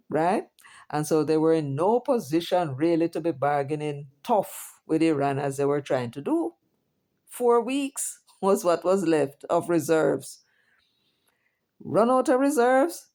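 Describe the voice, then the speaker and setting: A woman's voice: sits low, warm tone. A woman with a Jamaican accent who hosts a news commentary show, reading headlines aloud and breaking off into chatty asides and rhetorical questions.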